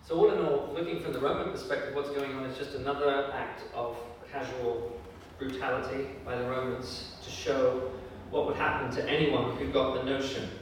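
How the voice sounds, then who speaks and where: Preacher in an echoing church hall. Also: male voice, mid-range voice, fairly even intonation, slight background noise. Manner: earnest, measured delivery with fillers, voicing scripture quotes with rising force. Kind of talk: sermon. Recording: echoey hall from far off.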